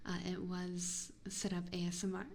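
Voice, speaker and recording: A woman chatting softly on an ASMR livestream, giggly and apologetic, into a binaural mic. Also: on the low side, monotone, moderate pace, slight background noise. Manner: soft-spoken, giggly and apologetic. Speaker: ASMR streamer. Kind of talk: casual ASMR livestream chat. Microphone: binaural dummy-head mic.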